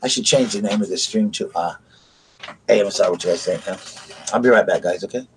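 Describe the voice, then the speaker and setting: A man's voice: lowish voice, fast talker, slight background noise, poor audio. Chatty man live-streaming. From South Carolina, USA. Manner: rambling, chatty, talks straight to viewers. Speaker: vlogger. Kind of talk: casual live-stream chat. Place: home bedroom at night.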